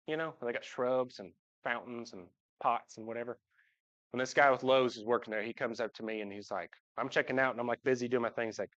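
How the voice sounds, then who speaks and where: A man's voice: mid-range voice, fairly bright tone. A man, speaking to his church congregation about his family in a joking, heartfelt way. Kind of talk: personal church talk. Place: church sanctuary, at the front. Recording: dull livestream audio.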